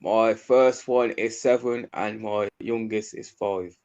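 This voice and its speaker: A man with a Birmingham accent answering interview questions in a soft, hesitant way, with many pauses and fillers. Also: on the low side, steady tone, lo-fi sound. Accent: Midlands English, Birmingham. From English Midlands. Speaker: interview guest, youth mentor.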